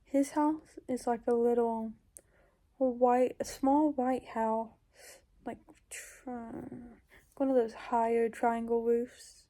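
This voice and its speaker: Rambling woman with a very dark, mellow voice. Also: fairly high pitch, level tone, takes it slowly. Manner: rambling, full of "like" fillers, drops into whispers. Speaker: YouTuber. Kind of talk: casual storytelling, recounting a dream.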